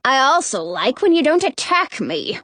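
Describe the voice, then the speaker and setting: A woman's voice: a little high, very animated, a little slow, fairly bright tone, husky, no echo, exaggerated voice. A woman voicing a cranky, blunt talking magic mirror that grumbles curtly in a storybook. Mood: annoyed. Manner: irritable, curt, grumbling.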